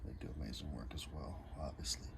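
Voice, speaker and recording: A man's voice: a bass voice, fast talker, vocal fry. A man casually showing off his record collection in short, laid-back, repetitive comments. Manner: laid-back, repetitive, enthusiastic one-liners. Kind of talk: casual show-and-tell. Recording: noticeable background noise.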